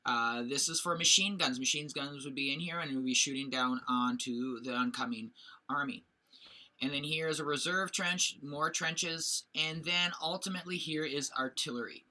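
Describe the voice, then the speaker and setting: Male teacher, very sharp bright tone, casual rambling slide lecture full of fillers. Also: fairly high pitch, normal speed. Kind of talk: recorded history lecture over slides.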